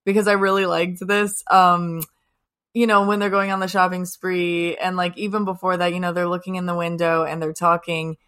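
A woman's voice: on the low side, little pitch movement, moderate pace, fairly bright tone, clean tone. A woman, co-hosting a casual TV recap podcast, giggly and profane, leaning heavily on "like". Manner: casual and giggly, heavy on "like", swears freely. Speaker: podcast co-host.

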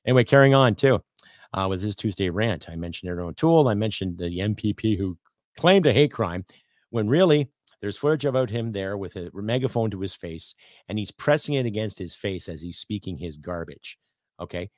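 A middle-aged Canadian man hosting his own podcast, ranting bluntly and profanely, swinging from loud outbursts to low muttering. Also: animated, a little fast, no room sound, clean studio sound. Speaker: podcast host. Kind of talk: opinionated rant.

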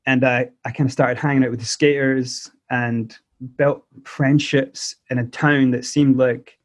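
A man's voice: mid-range voice, level tone, a little slow. A man in his forties with a Scottish accent carrying South African traces, telling his life story as a podcast guest in a loose, rambling way full of restarts. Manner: rambling, many restarts and "like" fillers. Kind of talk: casual interview storytelling. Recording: dull lo-fi audio.

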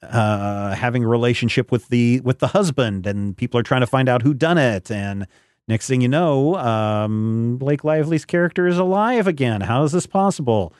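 Brief: male podcast host, casual and rambling, mid pitch, dry close mic. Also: a little mellow, no echo. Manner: rambling, halting, lots of fillers. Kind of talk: casual chat.

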